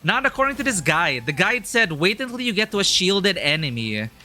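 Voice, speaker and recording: Chatty man with a bright voice. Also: sits high, very animated, fairly quick. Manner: chatty, rambling, laughs often. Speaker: streamer playing a video game. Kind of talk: casual live gameplay commentary.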